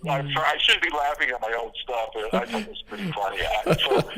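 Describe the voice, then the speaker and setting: A man's voice: on the high side, very animated, quick pace, crowd noise, poor audio. A man guest on a podcast interview, telling his stories casually with many fillers and restarts, laughing at his own jokes. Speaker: podcast guest, comic creator.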